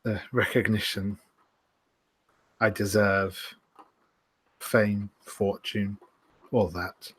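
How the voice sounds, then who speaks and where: Rpg player guy in character, proud and measured, kinda low voice. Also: little pitch movement, slightly rough. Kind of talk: speaking in character in a tabletop game.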